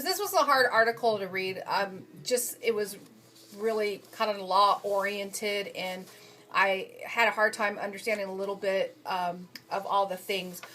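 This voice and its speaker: A woman's voice: mid-range voice, a bit bright. Hesitant woman summarizing articles. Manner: hesitant, frequent ums and restarts. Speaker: human resources student reviewing journal articles. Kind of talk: casual spoken summary of readings. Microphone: phone camera.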